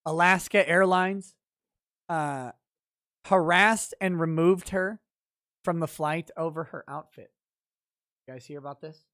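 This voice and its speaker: A man's voice: a little high, unhurried, long pauses, fairly bright tone, no room sound, clean studio sound. A man hosting a casual livestream, reading chat messages and mocking an article with sardonic, profane commentary. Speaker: livestream host.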